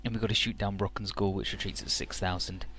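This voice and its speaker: A man's voice: lowish voice, level tone, quick pace, bright, forceful tone. A man giving crude, joking let's play commentary, rambling as he recaps a game's story. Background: faint game music.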